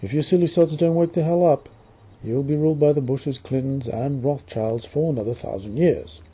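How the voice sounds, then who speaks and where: A man's voice: mid-range voice, normal speed, dark tone, slightly rough, close to an everyday voice. A man with an Australian accent playing a sarcastic, mock-formal male Illuminati news anchor in a satirical newscast, putting on a shaky British accent. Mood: sneering. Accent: put-on British over Australian. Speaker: comedic news presenter.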